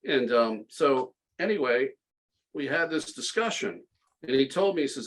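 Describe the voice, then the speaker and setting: A man's voice: mid-range voice, sing-song, moderate pace, low-quality recording. Middle-aged male guest, casual sardonic storyteller, ordinary mid-range voice, stop-start delivery. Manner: sarcastic, tongue-in-cheek, many restarts. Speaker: podcast guest.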